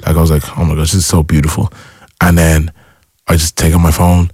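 A young man from Ireland, a music artist guest, chatting casually and acting out his own excited reactions as he tells stories. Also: a bass voice, fast, husky, no echo, studio quality. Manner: excitable storyteller who acts out past reactions. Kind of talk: casual interview chat.

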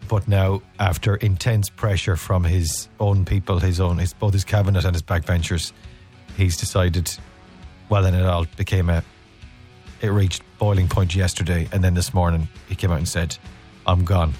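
A man's voice: deep voice, normal speed, darkish tone, soft background music. A man hosting a radio show, chatting casually and teasing his co-host. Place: radio studio.

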